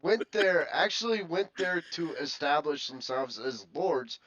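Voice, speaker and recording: A man's voice: a little high, unhurried, fairly bright tone, highs cut off, a little hiss or hum. A man co-hosting a casual podcast, chatting and joking. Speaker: podcast co-host.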